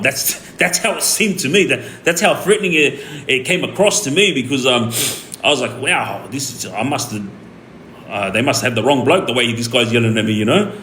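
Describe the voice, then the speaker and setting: Australian streamer, mid pitch, rambling storyteller, roomy echo, faint hiss behind. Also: male voice, moderate pace. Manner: rambling and animated, many fillers and restarts. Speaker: streamer telling his story. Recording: echoey room with faint ambient noise.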